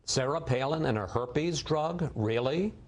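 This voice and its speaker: A man's voice: mid-range voice, a little slow. A middle-aged man hosting a television news interview, asking pointed questions and cutting in.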